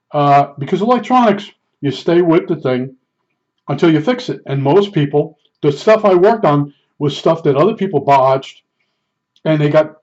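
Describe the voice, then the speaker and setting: Chuckling as he goes, a man tells self-deprecating, rambling stories in a casual way. His voice is a little high with a darkish tone, captured in a dull, lo-fi recording.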